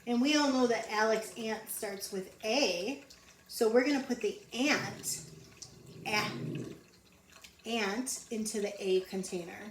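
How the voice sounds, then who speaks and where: Slow, patient woman teaching letter sounds. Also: fairly high pitch. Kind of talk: phonics lesson for young children. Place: home. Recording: roomy echo, mic at a distance, faint background noise.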